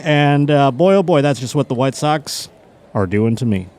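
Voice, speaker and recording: A man hosting a comedic podcast alone, riffing in an animated, profane way and slipping into mock voices. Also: fairly high pitch, normal speed. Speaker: podcast host.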